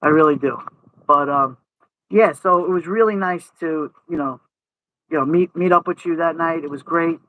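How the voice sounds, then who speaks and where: A man's voice: a little high, moderate pace, sharp tone, no room sound, poor audio. A man with a Brooklyn accent hosting a casual live chat outdoors on a windy night, talking in a chatty, joking way. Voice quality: thick New York speech, chatty and jokey. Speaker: livestream host. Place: outdoors at night under an umbrella in wind.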